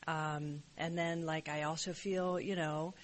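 A woman's voice: sits low, level tone, measured pace. Nervous woman rambling through a share. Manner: rambling, candid and self-questioning. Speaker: member sharing at a recovery meeting. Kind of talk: personal share at a support meeting.

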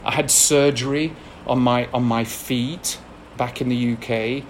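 Frank Englishman telling a rough story. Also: medium pitch, fairly even intonation, measured pace, a little hiss or hum. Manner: frank, self-deprecating storytelling with frequent laughs. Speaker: speaker sharing a recovery story. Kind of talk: candid personal testimony to an audience.

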